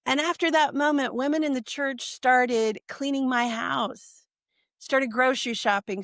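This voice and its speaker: A woman in her forties, a podcast guest, telling her personal story in a lively way and acting out what people said. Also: sits high, vocal fry, no echo, studio quality. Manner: animated, acts out quoted speech.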